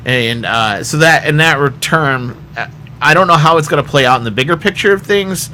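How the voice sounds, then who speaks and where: Male podcast host, bright voice, casual panel chat in a studio, faint background hiss. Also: fairly high pitch, moderate pace. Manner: leads discussion, asks panel for ratings.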